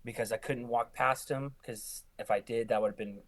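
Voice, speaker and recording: Young man telling ER stories. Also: normal speed. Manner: animated, acts out quoted lines with rising pitch. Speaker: ER nurse guest. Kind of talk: casual storytelling.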